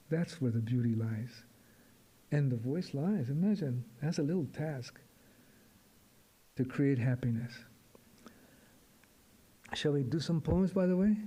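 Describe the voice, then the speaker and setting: An older man, a poet, giving a reflective storytelling talk to an audience in a halting, repetitive, musing way. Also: mid-range voice, warm tone, slightly rough.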